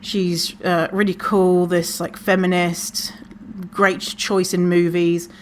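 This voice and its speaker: A woman's voice: on the low side, flat delivery, slow pace, slight background noise. A woman hosting a podcast, giving casual advice in a sassy, swearing way and acting out quoted lines. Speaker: podcast host.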